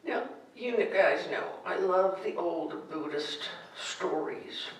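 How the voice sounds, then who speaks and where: A woman spiritual director giving a gentle sermon in a church sanctuary, heard from far off in an echoey hall. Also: on the low side, animated. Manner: gentle, storytelling, unhurried.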